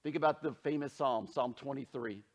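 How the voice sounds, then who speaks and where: A man preaching a sermon as pastor, earnest and emphatic, dropping low and soft when he turns to scripture. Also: moderate pace, lo-fi sound.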